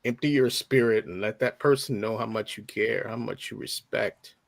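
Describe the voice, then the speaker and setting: A man giving a heartfelt spoken tribute on a video call, earnest and halting, with many pauses and fillers. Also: lowish voice, fairly even intonation, gravelly, dry recording. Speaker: tribute speaker.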